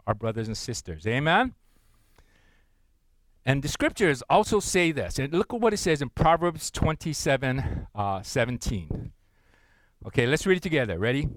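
A middle-aged man preaching a sermon in a playful, animated way, swinging between loud bursts and hushed asides. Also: medium pitch, normal speed, dry recording, rough recording. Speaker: pastor.

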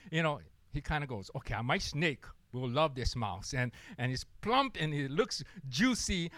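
A young man preaching a sermon, telling a story in an animated way and acting out the people in it. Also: on the high side, no echo. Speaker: pastor.

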